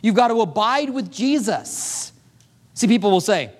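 A male pastor preaching with a high voice that swoops over a wide pitch range. He acts out short back-and-forth dialogues within the sermon. His voice rings with the long reverb of a large hall. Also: measured pace. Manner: animated preaching with acted-out dialogue.

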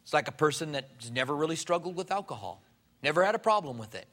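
A male pastor delivers a sermon from the pulpit. His voice sits slightly higher than most men's. He talks in an animated way and briefly acts out the people he quotes. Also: fast.

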